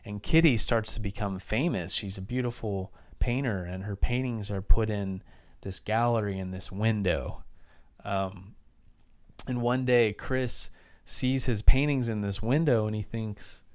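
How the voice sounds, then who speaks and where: A man's voice: lowish voice, measured pace. A man casually recapping an old movie's plot for his review show, rambling with frequent restarts and fillers. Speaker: film reviewer.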